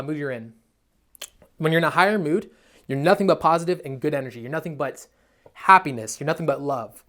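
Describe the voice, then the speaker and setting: Man, rapid-fire delivery, blunt and cursing, motivational self-help talk. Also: on the high side, fairly bright tone. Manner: blunt, profane and emphatic. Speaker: dating coach.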